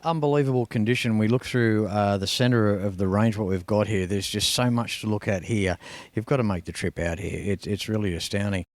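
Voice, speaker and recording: A man's voice: fairly low pitch, fairly even intonation, fairly quick, no echo. An Australian man hosting a car show, chatting casually and enthusiastically as he tours a collection. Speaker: host.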